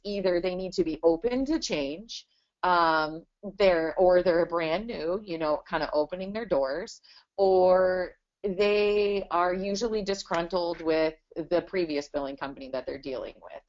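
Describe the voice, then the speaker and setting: A woman's voice: lowish voice, a little slow, darkish tone. A woman in her thirties, a business owner talking casually in a webinar interview and filling her talk with "you know". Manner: chatty, many "you know" fillers. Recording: dull lo-fi webinar audio.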